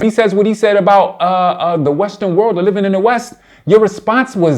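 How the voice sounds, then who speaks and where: Indignant man lecturing, higher-pitched voice. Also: animated, a little fast. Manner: indignant, lecturing, swings from low muttering to loud outbursts; addresses his target directly, slangy and blunt. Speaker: commentator responding to a debate. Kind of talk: heated reaction commentary.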